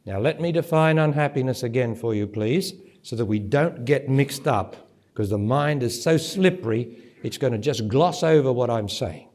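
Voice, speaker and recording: A man delivers a spiritual talk to a live audience in a conference centre. His voice sits at an ordinary middle pitch. He presses his points with rhetorical questions and climbs to forceful, emphatic peaks. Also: lively intonation, moderate pace. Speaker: spiritual teacher.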